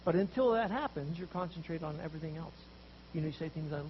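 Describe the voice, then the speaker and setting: A man preaching a sermon, telling a story with animated voices for the people in it. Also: on the high side, fast, highs cut off, noisy background. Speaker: pastor.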